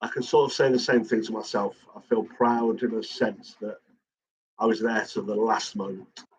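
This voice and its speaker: A middle-aged man, chatting casually, swearing constantly and talking in a raw, halting way. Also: lowish voice, fairly even intonation, poor audio. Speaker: channel host. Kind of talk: casual chat.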